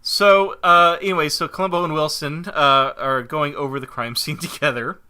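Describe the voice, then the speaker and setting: A man's voice: on the high side, fairly even intonation, moderate pace, pushed and bright, clean tone. A man co-hosting a podcast, recapping a TV episode in casual chat, laughing easily and using lots of fillers. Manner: laughs easily, retells scenes with many fillers. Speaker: podcast co-host.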